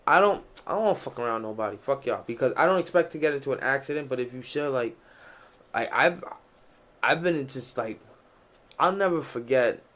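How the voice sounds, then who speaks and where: A man's voice: mid-range voice, lively intonation, a little fast, fairly bright tone. A young man hosting a casual podcast, telling loose, profane stories with lots of restarts. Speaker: podcast host. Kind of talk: casual chat.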